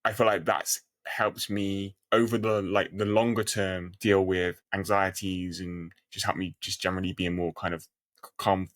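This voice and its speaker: A man hosting a podcast, asking questions while thinking out loud with many fillers. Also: low-pitched, level tone, normal speed, no echo. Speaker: podcast host. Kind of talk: conversational interview.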